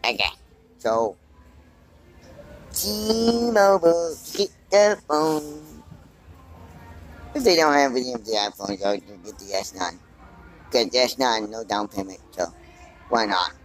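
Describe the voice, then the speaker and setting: Slow, rambling man vlogging in a store. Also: medium pitch, poor audio. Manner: rambling, thinking aloud. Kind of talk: casual walk-and-talk vlog. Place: inside a large store. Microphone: handheld phone.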